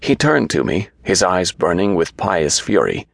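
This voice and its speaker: A man narrating an audiobook in a measured, even storytelling manner, recorded on a close studio mic. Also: low voice, gravelly, breathy edge, no room sound.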